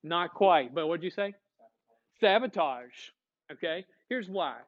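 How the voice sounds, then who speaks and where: A man teaching a classroom lecture, lively, acting out short dialogues as he explains. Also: fairly high pitch, slow pace, highs cut off. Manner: animated, acts out little dialogues.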